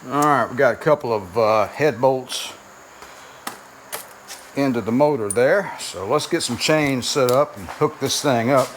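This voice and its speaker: A man's voice: mid-range voice, unhurried. Folksy man in a noisy garage. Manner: rambling, folksy, self-deprecating. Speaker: garage channel host. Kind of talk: casual workshop vlog narration. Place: home garage and driveway. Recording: noisy garage recording with clanking.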